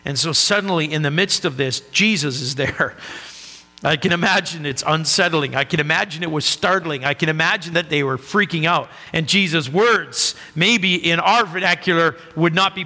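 Bright-voiced man preaching in a hall. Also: fairly high pitch, normal speed. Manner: earnest, conversational preaching. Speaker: pastor. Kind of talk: sermon.

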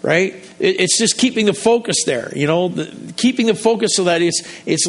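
A male pastor delivers a sermon in an easygoing, conversational manner, his voice sitting slightly high for a man. He tells stories as he goes and often restarts his sentences mid-thought. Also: normal speed, few pauses. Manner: conversational, storytelling, many restarts.

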